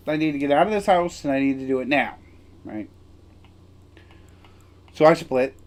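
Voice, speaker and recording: Guy on stream rambling thru a personal story, blunt, emphatic, keeps going "right?", mid-pitched voice. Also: moderate pace. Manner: candid and blunt, occasional swearing. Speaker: game streamer.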